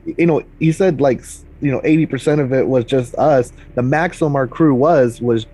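Man, filmmaker guest, mid-pitched voice, rambling, halting. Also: warm tone. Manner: rambling, many fillers and restarts. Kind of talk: casual interview chat.

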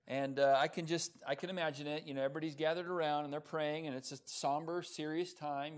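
A man preaching a sermon, telling the story in a lively, animated way with casual fillers and asides. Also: on the high side, quick pace, few pauses. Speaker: pastor.

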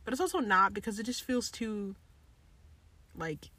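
A woman's voice: medium pitch, expressive, normal speed, pushed and bright. A young woman co-hosting a podcast, chatting casually with a teasing, slangy way of talking and frequent interruptions. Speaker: podcast co-host. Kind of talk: casual chat.

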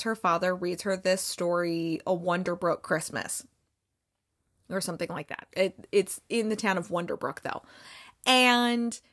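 A woman's voice: medium pitch, a bit bright. A woman hosting a movie review show, chatting casually in a rambling, sarcastic way with lots of fillers. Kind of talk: casual chat.

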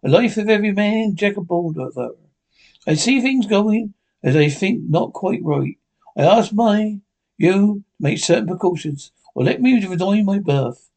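A man's voice: high-pitched, expressive, a little slow, a little mellow, voice pushed up, heavily acted. A man doing a curt, stern sea captain. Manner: curt, stiff and formal.

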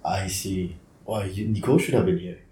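A woman's voice: very deep voice, moderate pace, dark tone. A woman co-hosting an interview, asking questions with frequent encouraging mm-hmms and laughter. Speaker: podcast co-host, interviewer. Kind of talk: conversational interview. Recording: echoey room.

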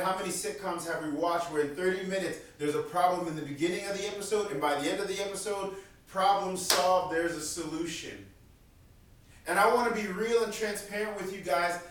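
A man with a notably high voice preaches a sermon, earnest and conversational, often repeating a key line to drive it home. The sound is very echoey, as if recorded from a distance in a large church room. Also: fairly bright tone. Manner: repeats key lines for emphasis. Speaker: pastor.

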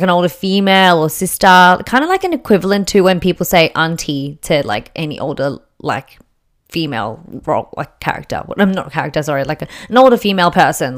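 A young woman telling a story casually, chatty and full of fillers and jokey asides. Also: low-pitched.

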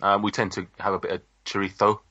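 A man chats casually as a podcast co-host, his low voice bright and pushy, wandering through his points with plenty of ums. The recording is dry and dull, like lo-fi podcast audio. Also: flat delivery, fast talker, breathy edge, no room sound. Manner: rambling, chatty, lots of ums and restarts. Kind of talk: casual chat.

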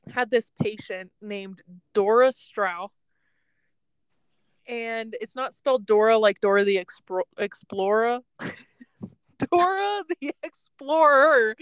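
A young woman tells a story in a loose, chatty way, wandering off the point and laughing often. Her voice is smooth and clear, and it sits close and dry, with almost no room sound. She sounds like she is talking from a parked car. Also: on the high side, dry recording, rough recording. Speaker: podcast host telling a story. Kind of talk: casual storytelling chat.

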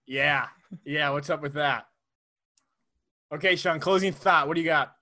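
A man's voice: fairly high pitch, a little slow, sharp tone. A young man co-hosting a podcast, joking and teasing in casual chat. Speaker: podcast co-host.

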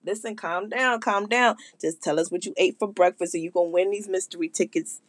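A woman voicing a pushy radio DJ who loudly insists and hypes a prize, breaking into shouts. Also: medium pitch, brisk, no echo, clean studio sound, voice pushed down, natural voice. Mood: announcing.

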